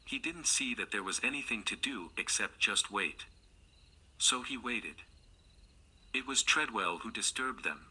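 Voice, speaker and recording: A man reading a mystery novel aloud in an even, measured storytelling manner. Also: fairly low pitch, slightly rough. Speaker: audiobook narrator. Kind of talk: scripted narration.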